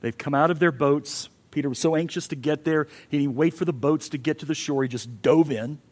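A man's voice: fairly high pitch, brisk. A male pastor giving a sermon in an earnest, emphatic way, with rising and falling intensity.

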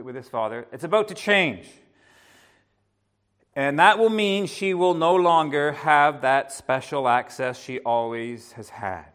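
Earnest preacher, slightly high voice. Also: male voice. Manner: earnest, halting, with many restarts and soft asides. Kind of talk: evening sermon.

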